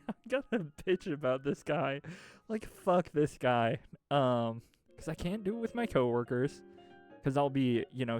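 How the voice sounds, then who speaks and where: A man streamer with a medium-pitched, somewhat dark voice vents to his chat in an exasperated ramble. He swears a lot, laughs partway through sentences, and keeps restarting with filler. It's casual ranting chat.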